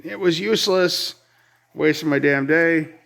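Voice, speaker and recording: A man's voice: a little high, slow, creaky, fairly bright tone. A man from Ontario, telling a rambling, exasperated story in a casual outdoor vlog on his rural homestead. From Ontario, Canada. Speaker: vlogger.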